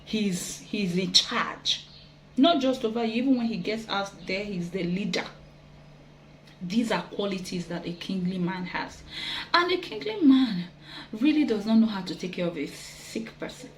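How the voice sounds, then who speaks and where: A woman talks earnestly and gently, giving advice to wives. Her pitch sits in a middle range. A faint hiss runs under the recording. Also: animated, moderate pace, low-quality recording. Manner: gentle, earnest, with soft laughs and quoted asides. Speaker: relationship teacher.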